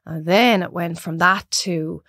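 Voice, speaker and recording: Irish woman, 30s, lively storyteller who mimics others, dry close mic. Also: measured pace, dry recording. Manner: animated storyteller acting out clients in high voices. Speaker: podcast guest. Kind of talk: casual chat.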